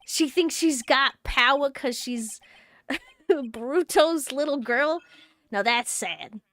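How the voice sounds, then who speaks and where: A woman voicing a gruff male street thug from a video game with a put-on East Coast accent, talking in a tough, mocking way. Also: high-pitched, takes it slowly, fairly bright tone, no room sound. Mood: menacing. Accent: put-on East Coast American.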